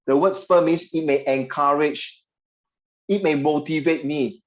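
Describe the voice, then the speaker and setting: Singaporean guy teaching english online, chatty, cracks jokes, slangy, muffled low-fi audio. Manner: chatty, joking, mixes local slang. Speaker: English tutor. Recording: dull lo-fi audio.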